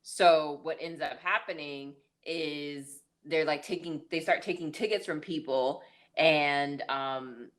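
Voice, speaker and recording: A woman's voice: low voice, slow pace. A woman co-hosting a podcast, casually recapping a film's plot with lots of "like" and "um" and the odd laugh. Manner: chatty, full of "like" and "um"; laughs now and then mid-story. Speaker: podcast co-host. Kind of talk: casual movie review recap.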